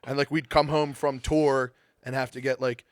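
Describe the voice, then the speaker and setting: A man's voice: medium pitch, level tone, moderate pace, no echo, studio quality. A man talking as a podcast guest in casual chat, telling stories in a rambling way, full of "like" and restarts. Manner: rambling storyteller, lots of "like", blunt. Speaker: strongman coach and guest.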